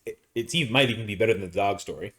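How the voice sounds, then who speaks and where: Rapid-fire and a bit bright, this man's voice sits on the low side. He is a podcast co-host from Arizona, spinning a long, casual story packed with restarts and fillers.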